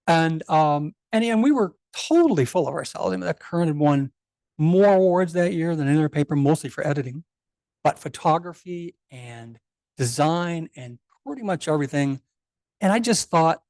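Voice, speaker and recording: In a meeting house, a photographer in their sixties delivers a memorial tribute made of rambling anecdotes, quoting what other people said. The medium-pitched voice is expressive and a little mellow, moving at a moderate pace, and the recording is dry.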